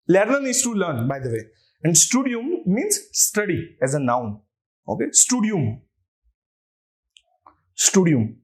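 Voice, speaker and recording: Man, Indian English accent, online lecture, high voice, lively pitch, patient step-by-step spelling. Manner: patient, spells words out letter by letter. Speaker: language teacher.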